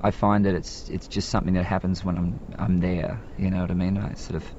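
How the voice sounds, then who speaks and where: A man's voice: sits low, flat delivery, fairly quick, warm tone, slight background noise. A man with an Australian accent, a musician guest chatting casually in a radio interview, often restarting his sentences. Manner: hesitant, restarting, chatty storytelling. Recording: slightly muffled radio recording.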